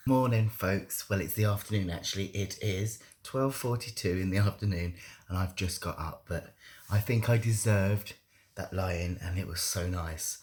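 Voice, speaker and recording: A young man chats to his camera in a candid monthly vlog, joking about himself as he goes. His voice sits a little on the low side. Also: moderate pace, darkish tone, husky. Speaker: vlogger.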